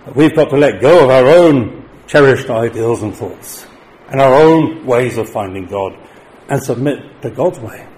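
A man's voice: lively intonation, a little slow, darkish tone, poor audio. Man preaching a sermon with rising emphasis. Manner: rises to emphatic declarations, drops low for solemn points.

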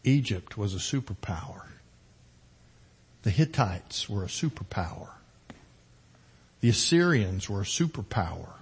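A man's voice: lowish voice, big pitch swings, unhurried, pauses often, slightly rough. A middle-aged man preaching a sermon, emphatic, rising and falling in volume and pace. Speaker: pastor.

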